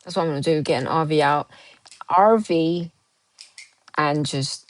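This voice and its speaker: Woman, low pitch, casual livestream chat, rambling, talks to viewers. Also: unhurried, poor audio. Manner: rambling, chatty, restarts mid-sentence. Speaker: livestreamer answering viewer comments.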